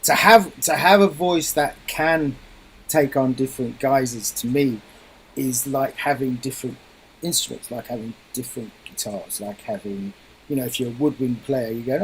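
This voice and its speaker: A man's voice: medium pitch, normal speed, slight background noise, rough recording. A middle-aged man, a guest musician, explaining his craft thoughtfully in a radio interview.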